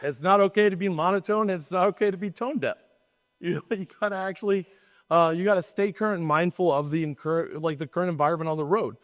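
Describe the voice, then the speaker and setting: A man with a fairly high voice co-hosts a podcast in loose conversation. He rambles and interrupts himself, then lands his points with emphasis. A long reverb trails after his voice. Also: fairly even intonation, fast. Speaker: podcast co-host. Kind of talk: casual chat.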